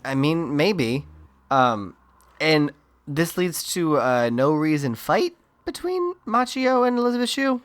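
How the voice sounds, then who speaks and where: Male podcast co-host, sarcastic casual recapper, voice a bit on the high side. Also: big pitch swings, slow. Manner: sarcastic, does silly impressions of characters. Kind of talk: casual movie recap chat.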